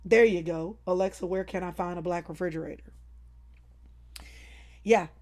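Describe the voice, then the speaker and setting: Animated woman chatting live with viewers. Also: on the low side, moderate pace. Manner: animated, laughing, playful over-the-top storytelling. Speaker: live-stream host. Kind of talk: casual chat with viewers.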